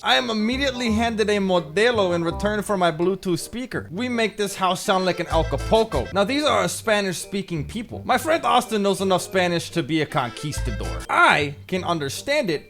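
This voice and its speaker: A man's voice: sits high, fairly bright tone. A young man hosting a gaming channel, telling comedic stories over gameplay and laughing at his own jokes.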